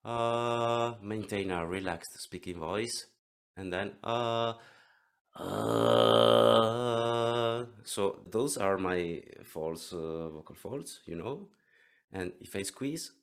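A man in his thirties with an Italian accent, explaining throat singing in an interview lesson, halting and often restarting his words. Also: deep voice. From Italy. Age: 30s.

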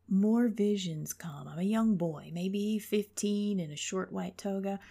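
A woman's voice: mid-range voice, measured pace, gravelly, few pauses, dark tone, husky. A woman author reading her own memoir aloud in a reflective way, often dropping to a whisper.

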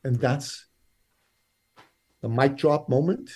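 Mellow-voiced man telling punchy stories. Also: mid-range voice, animated, takes it slowly, husky. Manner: vivid storyteller, acts out dialogue, punchy rhetorical questions. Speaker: guest entrepreneur. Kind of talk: animated storytelling.

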